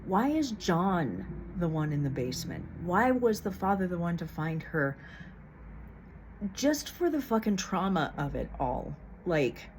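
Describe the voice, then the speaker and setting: Woman, lowish voice, blunt, heated, swears a lot, faint hiss behind. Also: darkish tone. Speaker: true crime vlogger. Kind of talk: casual opinionated commentary.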